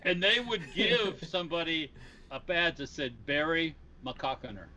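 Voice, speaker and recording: A man co-hosting a casual podcast chat, telling stories in a halting way with repeated words. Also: fairly high pitch, lively intonation, bright, forceful tone.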